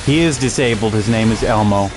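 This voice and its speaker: A gameplay streamer with a fairly low voice talks a little quickly while he plays, with music going in the background. His casual commentary drifts into rambling, amused stories packed with fillers.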